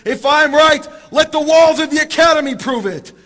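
A man voicing an old sage who shouts out in frustration. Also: extremely high pitch, normal speed, voice pushed up. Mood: desperate. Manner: shouting, pleading. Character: frustrated great old male sage, insistent.

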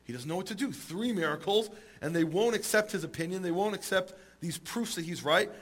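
Male preacher-storyteller, high voice, animated narration. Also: a little fast, husky. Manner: animated, rising voice at climaxes. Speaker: speaker. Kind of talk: storytelling sermon.

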